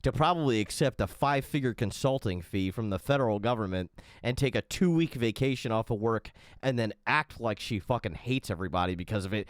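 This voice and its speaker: A man's voice: on the low side, animated, fairly quick, no room sound, studio quality. A man giving a heated, profane reaction commentary as the host of an online show. He swears constantly and stammers and restarts when he gets worked up.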